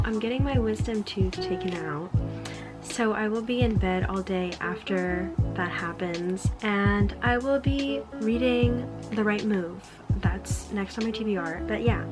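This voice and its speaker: A young woman talking casually in a vlog diary, chatty and full of "like". She speaks at home into a phone or camera. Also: mid-range voice. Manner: chatty, says "like" often. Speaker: book vlogger. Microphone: camera or phone nearby. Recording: music playing behind.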